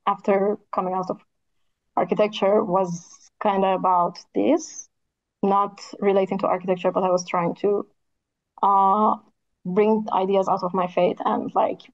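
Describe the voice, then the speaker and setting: Thoughtful woman with a tired voice. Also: mid-range voice. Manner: thoughtful, with frequent "like" and "kinda" fillers. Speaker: architect and podcast co-host, guest. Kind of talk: casual interview conversation. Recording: slightly dull lo-fi audio.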